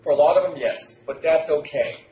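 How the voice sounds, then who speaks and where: Brash, profane male coach, slightly high, projecting hard; roomy echo. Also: a little fast, mellow. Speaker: dating coach. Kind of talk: animated podcast talk. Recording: roomy echo, faint noise.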